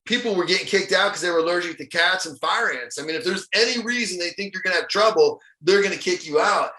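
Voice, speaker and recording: A middle-aged man from Ohio, a motivational speaker guesting on a podcast, telling stories in an animated, casual way with frequent chuckles. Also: high voice, fast talker. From Ohio, USA. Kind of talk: casual storytelling interview. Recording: echoey room.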